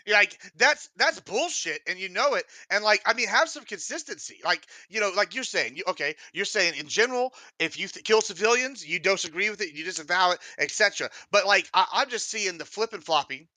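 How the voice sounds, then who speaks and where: A man's voice: high-pitched, lively intonation, fairly quick, few pauses, bright, forceful tone, dry recording, poor audio. A man calling into a live debate stream, talking heatedly and rambling, mocking others as he quotes them. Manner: heated, rambling, mocking voices when quoting. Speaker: caller. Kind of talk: casual call-in debate talk.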